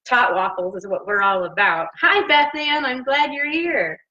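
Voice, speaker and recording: A woman's voice: high voice, animated, measured pace, bright, forceful tone, highs cut off. Chatty woman hosting a home cooking stream. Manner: rambling, chatty, laughs often. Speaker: home cooking show host. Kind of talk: casual live cooking chat. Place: home kitchen. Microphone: laptop mic.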